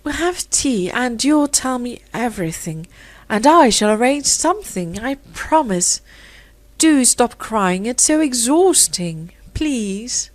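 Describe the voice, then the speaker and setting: A woman's voice: a little high, sing-song, slow, no echo, pitched above the performer's own voice. A woman voicing a rich, impulsive young society lady in an audiobook story, with a gushing, eager manner. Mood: soothing.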